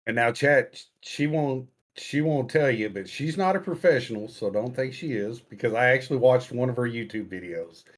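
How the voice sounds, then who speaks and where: A man co-hosting a casual stream chat, teasing the guest and interviewing her. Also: mid-range voice. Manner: teasing, halting with restarts. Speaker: podcast co-host.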